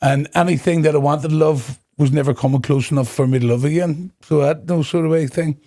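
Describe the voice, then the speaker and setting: A man's voice: a little high, a little fast. A middle-aged man with a Northern Irish accent, telling his own story as a guest in an interview and acting out the dialogue. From Northern Ireland. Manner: animated storyteller acting out dialogue, breaks into laughter. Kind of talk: personal testimony in a podcast interview.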